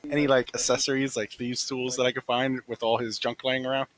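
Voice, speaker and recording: A man's voice: medium pitch, little pitch movement, a little fast, fairly bright tone, slight background noise, poor audio. A man playing a tabletop role-playing game, hesitant and filling his turns with "uh"s. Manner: hesitant, full of "uh"s. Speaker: player. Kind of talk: casual game talk.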